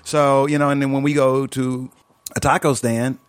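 A man co-hosting a podcast, talking in an easygoing, conversational way with quick back-and-forth. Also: medium pitch, level tone, clear, resonant tone, no echo. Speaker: podcast co-host. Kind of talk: casual chat.

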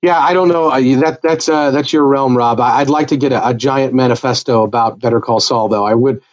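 On a lo-fi recording, a man co-hosting a laid-back TV recap podcast reasons through points thoughtfully and analytically. His mid-range voice is a little fast, with fairly even intonation.

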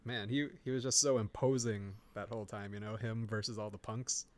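A man's voice: fairly low pitch, fairly even intonation, brisk. A man co-hosting a podcast, chatting casually about a film in a rambling way, full of "you know" and restarts. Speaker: podcast co-host. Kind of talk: casual movie review chat. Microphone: remote call microphone.

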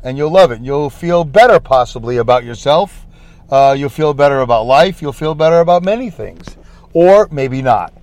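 A man's voice: a little high, animated, normal speed, a little mellow, no room sound. A man with a Brooklyn accent hosting a rambling solo podcast, chatty, repetitive and self-deprecating. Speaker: podcast host. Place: in a parked car.

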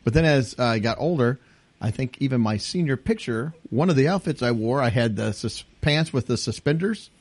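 A man's voice: mid-range voice, expressive, fairly quick. A middle-aged man hosting a casual podcast chat, joking and laughing easily. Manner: jokey, laughs easily, puts on silly pirate voices. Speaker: podcast host.

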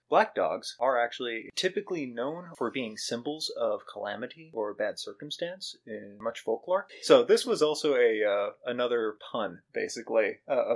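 A man co-hosting a podcast, recapping a TV episode in casual chat, joking and laughing often. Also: on the low side. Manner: chatty, jokey, laughs often. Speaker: podcast co-host.

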